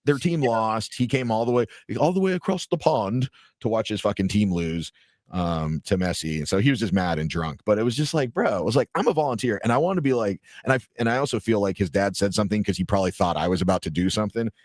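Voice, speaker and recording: This podcast co-host talks quickly in a lowish voice with a darkish tone, captured in clean studio sound without room echo. He spins a story casually and with energy, cursing liberally and performing other people's lines.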